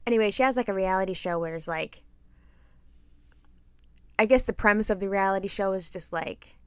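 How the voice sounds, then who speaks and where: A middle-aged woman co-hosting a casual chat, telling a story in an animated, profane way and acting out what people said. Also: mid-range voice, brisk, smooth, no echo. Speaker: podcast co-host.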